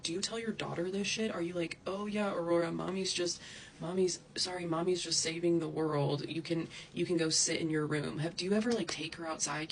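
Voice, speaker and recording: A woman vents straight into the camera, heated and profane, her complaints spilling out in rambling asides. Her voice carries a rough, creaky texture. A faint hiss of noise sits under the recording. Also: low voice, low-quality recording. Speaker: social media creator. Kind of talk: angry direct-to-camera rant.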